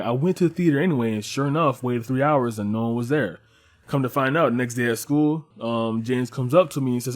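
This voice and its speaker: A young man runs through an anime review and a personal story in a loose, chatty way. He swears often, trails off and restarts, and breaks into laughter. His voice sits at an ordinary mid-range pitch. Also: brisk. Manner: profane, animated and rambling with frequent laughs. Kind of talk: casual commentary and personal storytelling.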